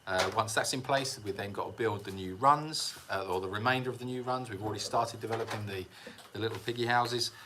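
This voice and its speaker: A man's voice: on the low side, brisk, few pauses, background noise. An English man hosting a casual animal sanctuary livestream, chatting with viewers and patiently explaining animal care. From England. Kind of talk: casual livestream chat reading viewer comments.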